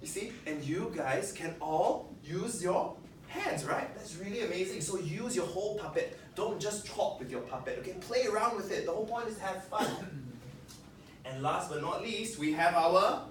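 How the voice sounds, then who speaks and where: A facilitator teaching a puppetry workshop to a group, animated and coaxing, often asking the room questions. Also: mid-range voice, moderate pace, a little hiss or hum. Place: large room with a group of participants. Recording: echoey room, picked up from a distance.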